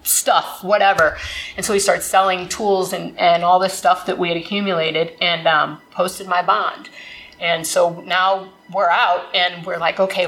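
Woman telling her recovery story, rambly and candid, lots of fillers, sharp bright voice. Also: fairly low pitch, poor audio.

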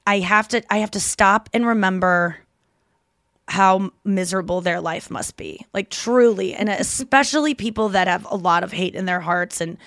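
Woman podcast host, casual storytelling, mid pitch, dry close sound. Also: moderate pace, no room sound. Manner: chatty, animated retelling with quoted voices.

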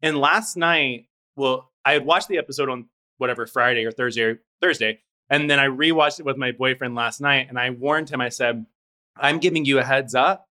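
A man hosting a casual chat over a video call, animated and teasing. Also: mid-range voice, a little fast. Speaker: podcast host.

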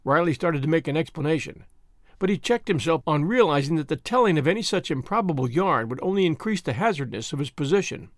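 Guy narrating an old-timey story, slightly high voice, very animated. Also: brisk, no echo, studio quality. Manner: lively storytelling, voicing each character. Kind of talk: scripted audiobook narration.

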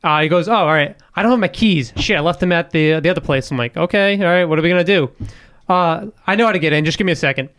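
A young man with a fairly high, crisp voice tells a rambling story on a casual podcast. He swears freely and acts out every quoted line as he goes. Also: quick pace, a bit bright. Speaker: guest storyteller.

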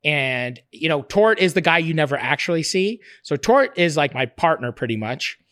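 A man's voice: fairly high pitch, moderate pace, no room sound, studio quality. A man talking in a casual interview, rambling and profane, with frequent restarts and laughter in his stories. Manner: animated, laughs while telling stories. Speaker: interview guest, cooking show creator.

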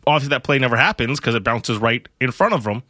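Bright-voiced male sports analyst. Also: medium pitch, animated, quick pace, no echo, clean studio sound. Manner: thoughtful, trailing restarts. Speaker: sports radio co-host. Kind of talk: post-game analysis chat.

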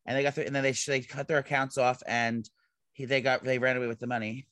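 A man's voice: mid-range voice, flat delivery, quick pace, fairly bright tone, no echo. Man, podcast co-host, casual rambling chat, plenty of ums and restarts, dry close sound.

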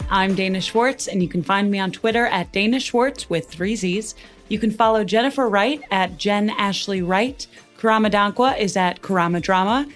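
A woman hosting a podcast, reading the closing credits in a friendly, brisk way. A faint bed of music sits behind her voice. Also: mid-range voice, fairly bright tone. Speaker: podcast host. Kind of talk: casual chat and outro reading.

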